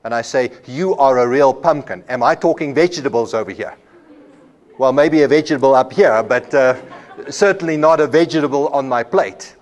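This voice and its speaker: This is a Bible college lecture by a man from South Africa. His voice sits at mid pitch and moves without hurry, and he leans on homely examples, often repeating a word as he restarts.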